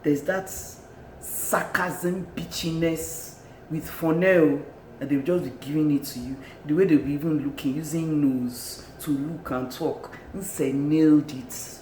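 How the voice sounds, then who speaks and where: A film reviewer with a Nigerian accent, talking in a casual, animated and exclamatory way, often laughing and repeating words for emphasis. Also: mid-range voice, measured pace. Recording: echoey room with faint background noise.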